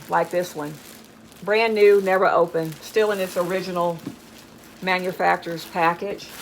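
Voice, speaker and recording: A woman's voice: on the low side, slight background noise. A woman chatting enthusiastically as she shows off bargain finds, often calling out to her viewers. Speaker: haul vlogger. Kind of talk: casual show-and-tell chat.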